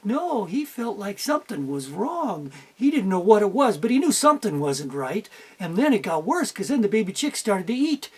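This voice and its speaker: Folksy male storyteller, husky tone, very animated delivery. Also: sits high, moderate pace, few pauses. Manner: animated, folksy, makes sound effects. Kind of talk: oral storytelling.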